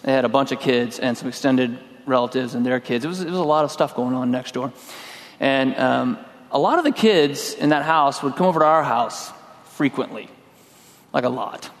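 A middle-aged man preaching a sermon in a relaxed, conversational way, telling a personal story and acting out his own lines. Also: mid-range voice, normal speed. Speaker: pastor. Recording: long hall reverb.

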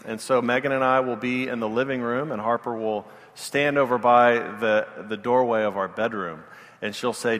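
A man's voice: medium pitch, fairly even intonation, normal speed, a bit bright. Male pastor, mid-range voice, earnest storyteller, long hall echo. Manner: storytelling, self-deprecating and earnest. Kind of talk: sermon.

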